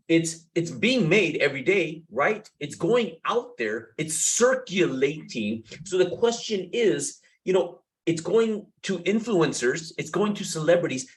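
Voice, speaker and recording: Young male business coach, pumped-up and jokey, fairly high and very bouncy pitch. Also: poor audio. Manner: hyped, playful, repeats catchphrases, swears casually. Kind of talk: energetic motivational talk to camera.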